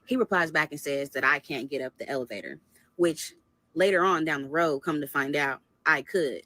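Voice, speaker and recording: A woman casually telling a dating story in an animated, conversational way. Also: deep voice, moderate pace, no room sound.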